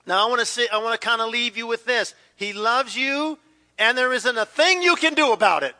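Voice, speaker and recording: High, bright-voiced male preacher in a reverberant hall. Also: fairly quick. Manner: animated storyteller acting out quoted voices, dropping to hushed intensity. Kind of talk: sermon with personal story.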